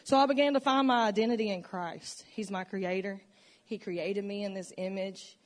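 Speaking at a moderate pace in a steady, mid-range voice, a woman tells her personal testimony in a church sanctuary. Her story of faith and struggle comes across as earnest, emotional and reflective.

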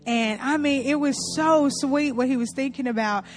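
Animated high-voiced woman telling a funny story. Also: normal speed. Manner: animated, addresses audience as y'all, laughs often. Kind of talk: comedic storytelling to an audience.

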